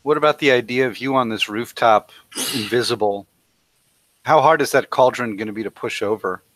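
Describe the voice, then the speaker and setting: Male player, middle pitch, dry mic, straightforward tactician. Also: brisk, fairly bright tone, no room sound. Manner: direct, tactical planner. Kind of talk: tabletop game chat.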